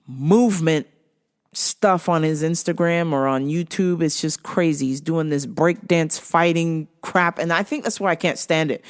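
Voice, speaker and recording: A woman hosting her own show, ranting in a casual, animated and exasperated way, swearing freely. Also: lowish voice. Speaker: show host.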